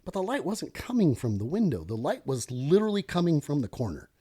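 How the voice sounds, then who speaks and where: A middle-aged man, a former police lieutenant, telling a story as a podcast guest in an animated, self-interrupting way. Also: a little high, brisk, slightly rough.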